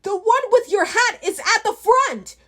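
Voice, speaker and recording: A woman's voice: extremely high pitch, animated, unhurried, a bit bright, pitched above the performer's own voice, exaggerated voice. A woman voicing an observant, eager young girl in a storybook reading.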